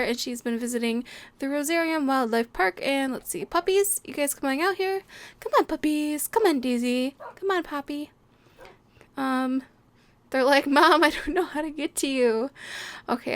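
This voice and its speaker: A woman's voice: high voice, no echo. A young woman hosting a Minecraft let's play, chatting casually and gushing with delight, with frequent gasps and laughs. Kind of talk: casual gameplay commentary.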